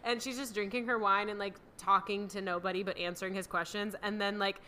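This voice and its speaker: A woman's voice: mid-range voice, flat delivery, fairly quick, bright, forceful tone, slight background noise. A woman co-hosting a casual movie-review chat, enthusiastically describing scenes and laughing often. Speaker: podcast co-host reviewing a movie.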